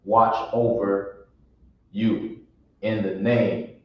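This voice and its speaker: A man with a lowish voice teaches a class at an unhurried pace, breaking words into syllables and speaking bluntly and informally. He is recorded from across a very echoey room on dull, lo-fi audio. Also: flat delivery, recorded from a distance. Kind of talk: classroom lesson on pronunciation.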